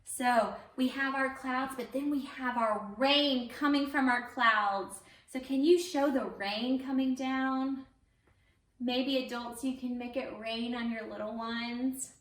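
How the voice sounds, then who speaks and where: Here a teaching artist, a young woman with a high and slightly bright voice, runs story time for babies and their adults. Her sing-song delivery invites everyone to take part, and the sound is roomy and picked up from off-mic.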